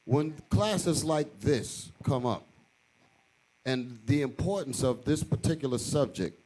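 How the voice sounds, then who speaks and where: A man's voice: medium pitch, slow, darkish tone, rough recording. A man speaking as a deacon in a class, earnest and frustrated, stumbling over repeated words. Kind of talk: class teaching remarks.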